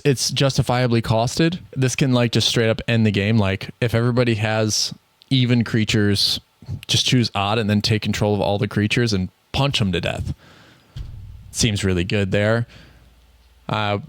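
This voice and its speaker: A Midwestern co-host on a card game podcast speaks in a lower, clean-toned voice, recorded with no room sound. His casual chat rambles along, full of self-corrections and frequent laughter.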